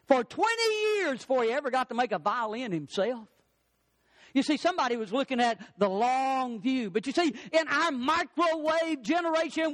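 A middle-aged male pastor preaching a sermon, swinging his pitch and pace for emphasis. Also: fairly bright tone, dry recording.

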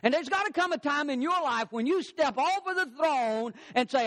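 A man's voice: extremely high pitch, very animated, fairly quick, hardly any pauses, fairly bright tone. An older man preaching a sermon in an emphatic, repetitive preaching cadence, driving points home as a pastor.

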